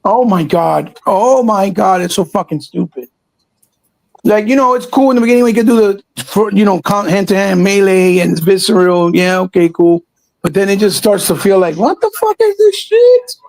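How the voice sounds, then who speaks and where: A man's voice: high voice, normal speed, gravelly, a little mellow, no room sound, rough recording. A man co-hosting a casual gaming chat, ranting and swearing in exasperation. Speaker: podcast co-host.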